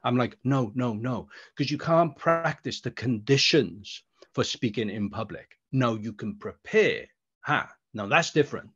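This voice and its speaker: A man speaking as a speaker coach in an online talk, pausing deliberately between words and rambling through stories. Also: medium pitch, expressive, a bit bright, husky, highs cut off. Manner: rambling storyteller. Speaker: speaker coach and creative producer. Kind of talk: answering a question in an online talk. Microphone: video call.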